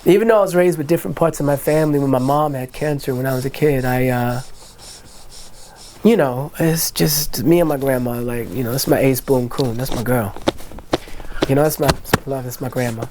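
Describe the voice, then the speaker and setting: Animated middle-aged New man telling stories. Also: medium pitch, fairly quick. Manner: animated, acts out family voices and quotes. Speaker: interview guest, musician. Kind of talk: candid storytelling conversation.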